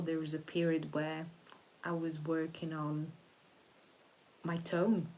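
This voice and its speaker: Woman host of a spiritual livestream, low voice, soft and meandering with restarts, faint hiss on the recording. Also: low-quality recording. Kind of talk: casual reflective livestream talk.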